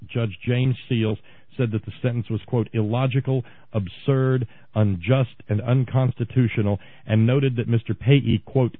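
A man on a talk radio show, tearing into a political rant that swings from low, biting asides to shouted outbursts. His voice comes through thin and phone-like, with no room around it. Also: no echo. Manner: ranting, shouting in bursts, sarcastic. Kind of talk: impassioned political monologue. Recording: tinny phone-like radio sound, dry.

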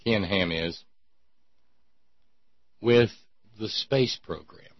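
A man's voice: lowish voice, drawn-out words, no room sound, highs cut off. A man hosting a talk show, chatting in a rambling, sardonic way with many restarts. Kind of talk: casual call-in show banter.

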